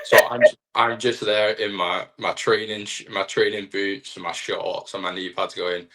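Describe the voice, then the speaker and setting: A man's voice: lowish voice, wildly swooping pitch, a little slow, fairly bright tone. A young man, a wrestler, chatting casually in an interview in a rambling, self-deprecating way. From Britain. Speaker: wrestler guest.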